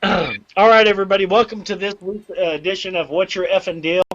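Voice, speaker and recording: A man's voice: sits high, fairly even intonation, a little fast, fairly bright tone, dry recording. A man hosting a segment of a casual podcast, loose, laughing and profane. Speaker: segment host. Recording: dull lo-fi sound.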